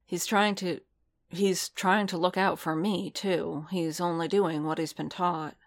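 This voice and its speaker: A woman voicing a tired, guilt-torn male warrior who speaks in a hushed, restrained way. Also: on the low side, fairly even intonation, measured pace. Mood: brooding.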